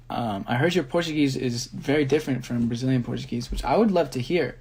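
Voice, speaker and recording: A young man, a dancer, answering fan questions on a phone live stream, relaxed and rambling, reading each question aloud. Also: medium pitch, fast, hardly any pauses, slightly rough. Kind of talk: casual live-stream chat.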